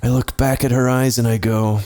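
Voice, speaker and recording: A man's voice: medium pitch, flat delivery, a little fast, warm tone. A young man on a comedy podcast, casually telling a story, swearing often and laughing.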